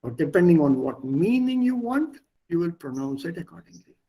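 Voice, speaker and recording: A man leads an online German lesson, patiently explaining and repeating words for his students. His voice is slightly husky and sits a little high, moving up and down with lively emphasis. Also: normal speed, poor audio. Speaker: German teacher.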